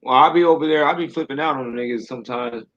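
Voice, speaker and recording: A man's voice: fast, fairly bright tone. Heated man on a dull line. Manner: heated, stammering, swings high when worked up. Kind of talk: casual conversation.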